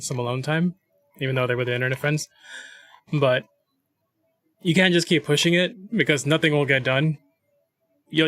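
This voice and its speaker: A man's voice: mid-range voice, a bit bright, dry recording. A man co-hosting a casual advice livestream, reading questions and giving earnest, rambling advice.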